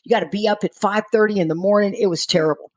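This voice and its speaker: A middle-aged woman from Texas, a recovery speaker telling her own story in a lively way and often laughing. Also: fast. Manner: lively, acts out quoted voices with jumps in pitch, laughs often. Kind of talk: storytelling talk.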